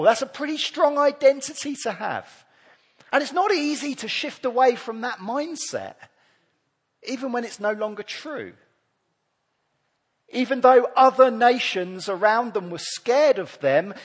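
A man's voice: very high voice, breathy edge. A man preaching a sermon to a congregation, earnest, leading them in reading scripture aloud together. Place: church hall. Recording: long reverb of a church hall.

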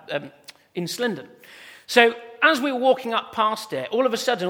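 A man preaching a sermon to a congregation, loud and jokey in his delivery. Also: high-pitched, creaky. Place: church hall with a live congregation. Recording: reverberant hall sound.

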